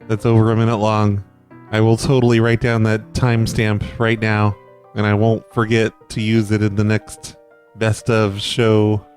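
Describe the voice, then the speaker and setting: A man's voice: lowish voice, monotone, normal speed, darkish tone, faint music behind. A man hosting a podcast, chatting casually and joking as he reacts to listener voicemails. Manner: joking, self-deprecating banter. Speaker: podcast host.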